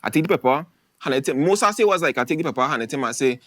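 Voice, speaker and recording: Male stand-up comic, Trinidadian accent, quick and dry-sounding. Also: mid-range voice, no room sound. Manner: animated, chatty storytelling with dialect phrasing. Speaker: stand-up comedian. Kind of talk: stand-up comedy.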